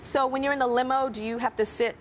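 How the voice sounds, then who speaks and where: A woman's voice: high voice, fairly even intonation, quick pace. A woman in her thirties hosting a talk show, playful and joking, laughing often. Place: TV studio with live audience. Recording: studio audience and noise behind.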